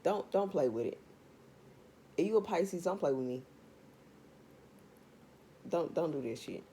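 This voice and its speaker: A woman's voice: low-pitched, lively intonation, measured pace, mellow, slight background noise. A woman doing a casual tarot reading vlog, talking straight to her viewers in a blunt, profane rant. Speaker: tarot reader.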